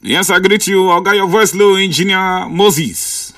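A man's voice: high voice, a little slow, pushed and bright, dry recording. A man with a Nigerian accent hosting a call-in radio show in Pidgin, retelling callers' news with frequent "eh?" tags.

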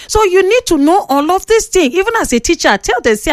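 A woman radio presenter speaking with a Nigerian Pidgin accent, lecturing listeners and bantering with callers in a lively, preachy way. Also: very high-pitched, fairly quick, few pauses, no echo, studio quality. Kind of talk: call-in radio talk.

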